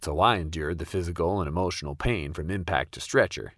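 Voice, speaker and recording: A young man narrating a comic personal story in a wry, deadpan way. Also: low voice, fairly quick, no echo, studio quality. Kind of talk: comedic first-person storytelling.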